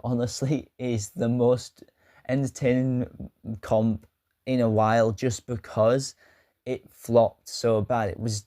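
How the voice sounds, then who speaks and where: A man's voice: mid-range voice, darkish tone, no echo. Guy rambling through his vlog, cracks jokes at himself, dry close sound. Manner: rambling, joking, self-mocking asides. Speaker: YouTube host. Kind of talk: casual vlog commentary.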